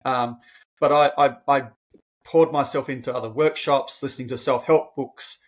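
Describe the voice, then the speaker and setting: A man's voice: mid-range voice, normal speed, highs cut off. Earnest man in his fifties. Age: 50s. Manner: earnest, emotional, restarts phrases, animated when quoting himself. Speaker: podcast guest. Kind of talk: personal storytelling in conversation.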